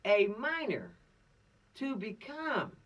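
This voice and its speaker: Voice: medium pitch, huge pitch swings, takes it slowly, fairly bright tone, distant mic. A law course instructor giving an informal, preachy lecture with streetwise slang.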